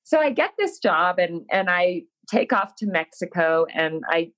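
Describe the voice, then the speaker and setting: A woman's voice: lowish voice, a little slow, low-quality recording. A woman guest in an interview, telling a personal story in a frank, self-deprecating way and acting out her own past words. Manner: frank, self-deprecating, animated when quoting herself.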